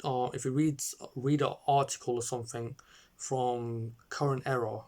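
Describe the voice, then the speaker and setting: A man's voice: medium pitch, a little mellow. A man reviewing a short film in a casual, rambling way, full of fillers and restarts, talking into a phone or webcam. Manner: hesitant, many fillers and restarts.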